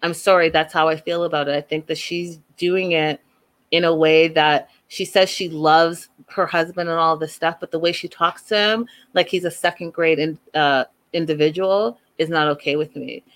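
Speaking at normal speed in a low, steady voice, a reality TV recap vlogger delivers blunt, opinionated takes on the show. She's emphatic and talks directly to her viewers as "you guys."

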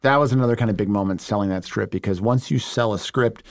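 Man, thirties, gravelly voice, animated storytelling, dry studio sound. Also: lowish voice, no room sound. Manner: animated, quick to act out quotes. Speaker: guest actor and writer. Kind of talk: casual interview storytelling.

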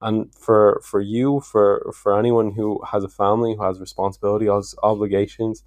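A man's voice: on the low side, little pitch movement, moderate pace, darkish tone. A man hosting a podcast, working through long, reflective thoughts with enthusiasm. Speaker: podcast host. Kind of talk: podcast interview.

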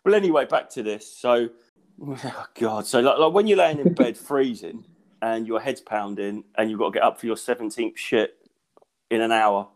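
A young man co-hosts a casual podcast while groggy and unwell. His voice sits at an ordinary middle pitch. He rambles through sweary anecdotes and keeps breaking into laughter mid-sentence. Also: moderate pace. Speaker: podcast co-host. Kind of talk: casual chat.

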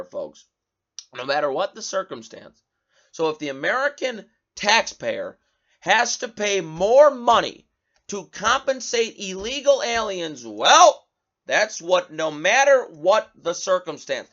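A man with a high-sitting voice and an unhurried pace hosts a political talk show, offering heated commentary and reading news headlines aloud. He sounds animated and indignant, and the recording's highs are cut off.

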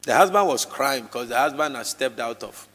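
A man preaching a live sermon to a congregation, emphatic and repetitive, his voice jumping suddenly in pitch and loudness. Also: lively intonation, a little fast. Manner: repeats phrases for emphasis. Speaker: pastor. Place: church hall with congregation. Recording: long reverb of a large church hall.

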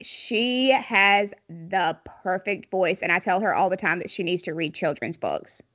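A woman's voice: on the low side, animated, a little slow, fairly bright tone. Chatty Southern woman podcast host. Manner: chatty storyteller, laughs often. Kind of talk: casual chat.

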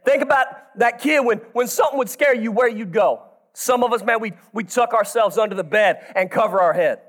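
High-voiced man preaching with fiery bursts. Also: a little fast. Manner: energetic, breaks into shouts, jokes with the congregation. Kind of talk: sermon.

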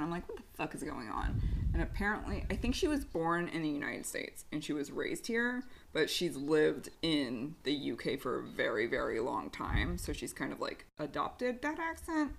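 A woman's voice: low-pitched, vocal fry, poor audio. A woman co-hosting a podcast in casual chat, with blunt, sarcastic asides. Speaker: podcast co-host.

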